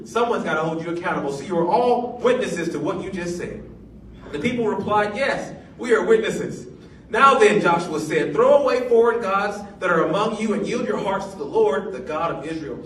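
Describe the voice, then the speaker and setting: A man's voice: high-pitched, fairly bright tone, slight background noise. A man in his forties, a pastor telling a funny story in a sermon, playful and laughing often. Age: 40s. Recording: echoey room, mic at a distance.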